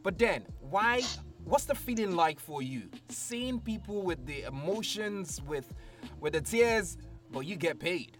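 A man's voice: sits high, animated, unhurried, faint music behind. A man hosting a casual interview, asking playful, teasing questions. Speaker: host.

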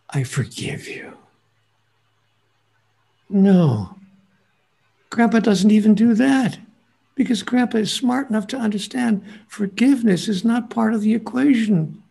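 A man with a very husky, gravelly voice explains spiritual ideas as a guest. He tells stories and hammers his points home with repetition. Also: high-pitched, animated, moderate pace, dark tone. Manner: storytelling, emphatic repetition. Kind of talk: lecturing in conversation.

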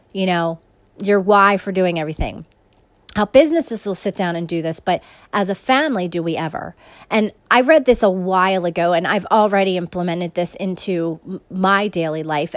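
A woman's voice: fairly low pitch, dry recording. A woman in her thirties, a homeschooling mother hosting her own podcast, talking earnestly and rambling with frequent fillers and restarts. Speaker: podcast host. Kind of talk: casual reflective monologue.

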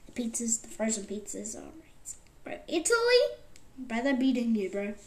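A woman around twenty rambling excitedly in a casual vlog, jumping between loud outbursts and whispers. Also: on the high side, moderate pace. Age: about 20. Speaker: vlogger.

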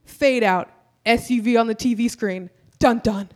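Woman w a high voice doing a live comedy reading on stage, deadpan then shouty. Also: a little slow. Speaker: comedian reading her own written piece. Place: theater stage with audience.

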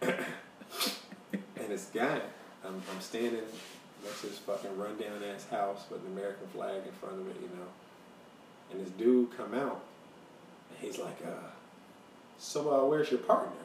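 A man from the Chicago area telling a profane, animated story on a casual podcast. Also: lowish voice, unhurried, long pauses. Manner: profane, animated, acts out quoted voices. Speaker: podcast co-host. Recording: roomy, distant mic, faint noise.

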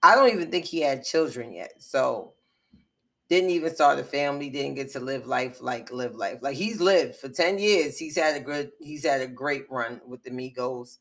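A woman's voice: low voice, normal speed. A woman vlogger giving frustrated, impassioned commentary on a news story, speaking bluntly and swearing.

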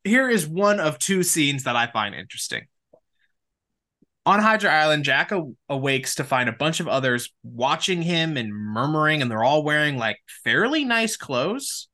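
Cohost with a bright voice recapping scenes, teasing the sibling. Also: medium pitch, very animated, moderate pace. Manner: narrates scene recaps, then banters. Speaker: podcast co-host. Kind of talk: casual recap chat.

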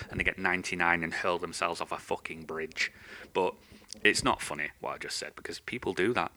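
A man's voice: low-pitched, fairly even intonation, brisk, bright, forceful tone. Angry sweary man ranting. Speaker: podcast host. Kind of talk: unscripted ranting monologue.

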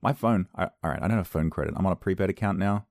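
Lively young man telling a story. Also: sits low, rapid-fire, dry recording, studio quality. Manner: animated storyteller acting out voices of others, self-mocking. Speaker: podcast host. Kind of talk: casual solo podcast storytelling. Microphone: podcast microphone on a loose cable at home.

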